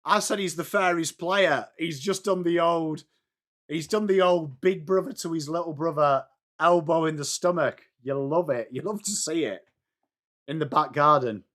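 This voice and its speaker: An English man hosting a fan watchalong, chatting through the match as live fan commentary and breaking into shouts at big plays. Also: a little high, normal speed. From England.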